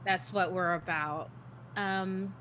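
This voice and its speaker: A woman's voice: lowish voice, fairly even intonation, takes it slowly, fairly bright tone, slight background noise, low-quality recording. A woman player speaking in character in a tabletop game, playful and hesitant.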